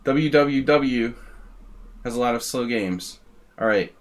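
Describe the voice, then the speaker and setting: A man's voice: medium pitch, takes it slowly. A man hosting a live chess stream, chatting casually and rambling as he thanks viewers by name.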